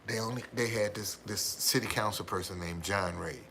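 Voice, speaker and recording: A man from the United States with a lowish, sharp-toned voice speaks at normal speed on his livestream, telling viewers a rambling story. He repeats words and laughs heartily and often, with slight background noise present.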